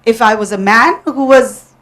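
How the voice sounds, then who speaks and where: Female TV presenter, high pitch, persuasive panel speaker. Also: normal speed, fairly bright tone. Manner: earnest, persuasive, with fillers. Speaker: television host on a panel. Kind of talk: panel discussion.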